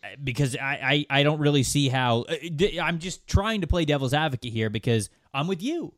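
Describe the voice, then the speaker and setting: A man's voice: a little high, lively intonation, a little fast, a bit bright, no echo. Man, sports podcast co-host, emphatic, rhetorical questions, dry close sound. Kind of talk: casual sports talk.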